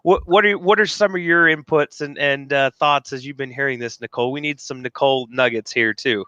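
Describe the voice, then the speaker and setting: Bright, eager male podcast host. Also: medium pitch, a little fast, smooth, no room sound, highs cut off. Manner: eager, interjecting, playful. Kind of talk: conversational interview.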